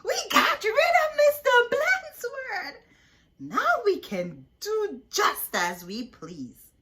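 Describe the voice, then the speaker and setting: A woman voicing a class of excited schoolchildren who shout in high, shrill voices. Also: extremely slow, full character voice. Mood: gleeful.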